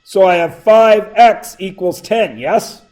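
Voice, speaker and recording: A middle-aged man with a sore throat teaches a math class, prompting students with question after question in this classroom lecture. His voice is high and darkish, and he speaks slowly. The recording is rough.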